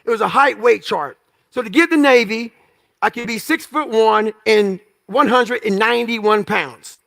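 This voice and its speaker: This motivational speaker's voice is high, gravelly and a bit bright, and he talks a little slowly. He tells an audience blunt stories from his life, cursing along the way and acting out what other people said.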